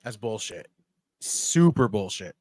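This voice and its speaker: Profane, excitable male stream host. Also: fairly low pitch, slow. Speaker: podcast host. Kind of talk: casual watch-party chat.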